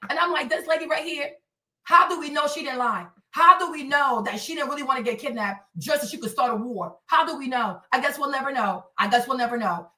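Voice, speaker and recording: A woman's voice: high-pitched, sharp tone, distant mic. A woman hosting a heated political commentary livestream. She preaches, repeats herself and hammers rhetorical questions, stopping to thank viewers for donations. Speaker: livestream host. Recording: echoey room, voice away from mic.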